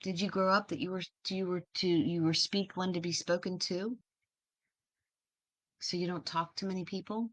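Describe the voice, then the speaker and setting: Woman host, casual inspirational monologue, warm-hearted pep talk, chatty with questions. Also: lowish voice, steady tone, normal speed. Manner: chatty, encouraging, asks many questions; laughs easily, restarts words.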